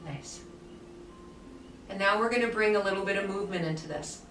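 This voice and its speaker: A woman yoga teacher guiding a somatic movement class with soft, soothing cues. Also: mid-range voice, fairly quick. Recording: echoey room, mic far off, faint music.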